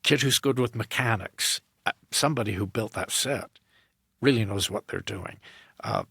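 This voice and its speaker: A man with a low, gravelly and somewhat husky voice tells a story in a podcast interview. He animates the anecdote by voicing both people in the conversation. The recording is dry, with no room sound. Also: normal speed, dry recording. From United States. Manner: animated anecdote, acting out both sides of a dialogue. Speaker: guest, opera director and tenor.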